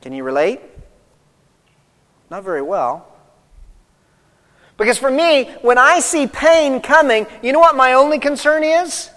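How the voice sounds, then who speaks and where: A man's voice: very high voice, expressive, unhurried, long pauses, fairly bright tone, long reverb tail. A man preaching a sermon as a pastor, reading scripture aloud and building to emphatic peaks.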